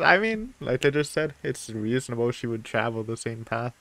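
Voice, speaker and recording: A man's voice: medium pitch, very animated, normal speed, few pauses, bright, forceful tone, no room sound. Rambling young man hosting a game playthrough. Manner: rambling, filler-heavy, chatty. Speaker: let's-play host reading a visual novel. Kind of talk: casual commentary with read-aloud passages.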